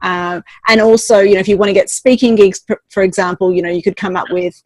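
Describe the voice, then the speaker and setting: A woman's voice: mid-range voice, steady tone, fast talker, dry recording. Woman, interview host, dry close sound, summarizing and affirming the guest. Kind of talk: interview chat.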